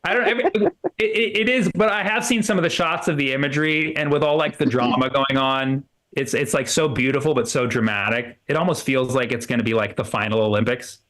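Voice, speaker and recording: A man's voice: on the high side, a little fast, a bit bright. A man doing a loose, rambling stand-up comedy set in a comedy club, full of fillers and restarts.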